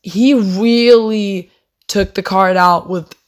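A woman's voice: medium pitch, takes it slowly. A young woman, not a native English speaker, casually telling an indignant story with lots of fillers. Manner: animated, indignant retelling with fillers.

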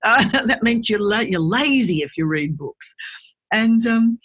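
A woman, a guest speaker chatting in an interview and telling lively stories, acting out the voices of people she quotes. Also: a little high, a little slow, breathy edge. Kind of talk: conversational interview.

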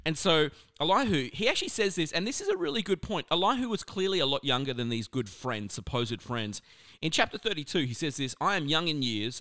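A man giving a casual, conversational sermon on scripture, animated and full of asides. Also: mid-range voice, no room sound, clean studio sound. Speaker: preacher.

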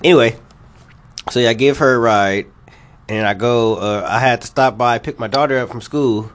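A man's voice: medium pitch, moderate pace. A man co-hosting a podcast, telling long, laid-back stories full of casual swearing. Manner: laid-back, profane, rambling anecdotes. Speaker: podcast co-host. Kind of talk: casual storytelling chat.

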